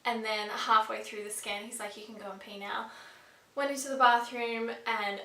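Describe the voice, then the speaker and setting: Bright-voiced pregnant woman vlogging. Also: on the high side, steady tone, moderate pace. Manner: chatty and upbeat, with frequent fillers. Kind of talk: casual vlog chat. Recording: echoey room, mic a bit distant.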